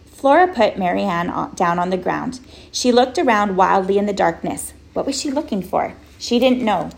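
Woman audiobook narrator, steady and measured, with a gravelly voice. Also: mid-range voice. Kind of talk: scripted storybook narration.

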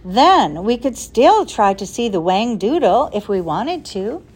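A woman voicing an eager, excitable boy who talks in a pleading, urgent way. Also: on the high side, measured pace, husky, exaggerated voice.

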